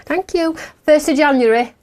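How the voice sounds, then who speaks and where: Woman, fairly high voice, live shopping host, casual chat, giggly. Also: normal speed, a little mellow. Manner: chatty and giggly, laughs at herself often.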